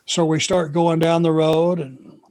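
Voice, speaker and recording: A man spins a story on a podcast at a leisurely, stretched-out pace. His voice sits a touch higher than most men's. He lets each detail hang before moving on. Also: flat delivery, darkish tone. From Georgia, USA. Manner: unhurried, drawn-out anecdotal telling. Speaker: podcast co-host. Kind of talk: casual storytelling chat.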